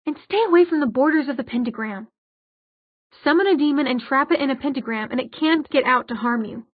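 A woman voicing an irritable, commanding male warlock who speaks in a clipped, brisk way. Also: high voice, animated, no echo. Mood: irritated. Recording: dry, phone-like narrow sound.

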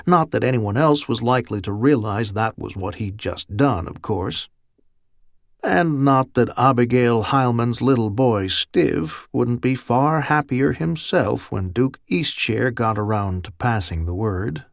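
A man narrating a military novel as an audiobook in a measured, steady way. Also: mid-range voice, creaky, no echo, clean studio sound. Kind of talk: scripted narration.

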